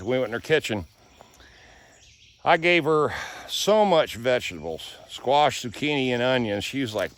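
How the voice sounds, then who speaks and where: A man's voice: medium pitch, lively intonation, moderate pace, fairly bright tone. A man vlogging casually, walking through his garden and telling folksy stories. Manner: folksy storyteller. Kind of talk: casual vlog walk-through. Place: rural garden outdoors.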